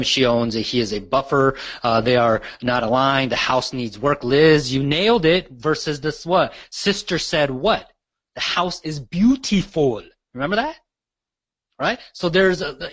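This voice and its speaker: A man's voice: medium pitch, fairly bright tone. A man coaching real estate agents in a webinar, breaking down a recorded sales call and tagging nearly every sentence with "right?". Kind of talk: teaching a webinar.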